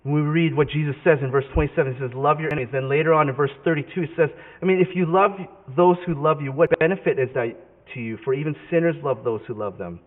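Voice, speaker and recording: A man's voice: a little high, fast. A male pastor preaching a sermon in a conversational, emphatic way, often correcting himself mid-sentence. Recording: tinny phone-like sound with long hall reverb.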